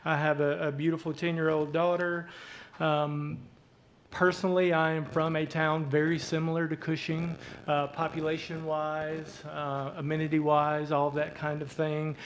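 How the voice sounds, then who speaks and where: A man in his forties with an Arkansas twang, speaking as a hospital CEO at a council meeting, halting and full of fillers. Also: on the high side, flat delivery, slight background noise, poor audio. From southeast Arkansas. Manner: halting, many fillers and repeated words. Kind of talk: public remarks at a council meeting.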